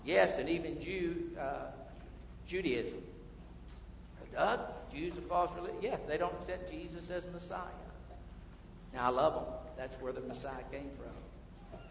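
A man preaching a sermon as pastor, swinging between hushed and loud passages. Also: on the high side, a little slow, creaky, a little hiss or hum. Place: church sanctuary. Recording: echoey hall from far off, dull lo-fi.

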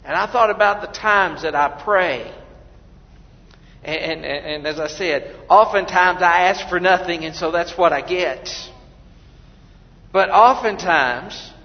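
A male pastor with a high voice delivers a sermon at an unhurried pace, swinging from loud cries to near-whispers. The sound is dull and lo-fi, with a long hall reverb and a faint low rumble behind him. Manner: dramatic shifts between loud exclamation and hushed quotes.

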